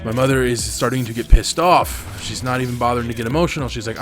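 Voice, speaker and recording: A man's voice: medium pitch, a little fast, hardly any pauses. A young man hosting a gaming channel, candidly retelling a family story over gameplay and swearing freely as he talks. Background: faint background music.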